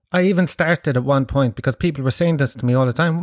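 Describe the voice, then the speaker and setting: A man's voice: medium pitch, fast talker, few pauses, dry recording, studio quality. An Irish man with a Kerry accent, telling a rambling, self-mocking story and swearing freely. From Ireland. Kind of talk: storytelling monologue.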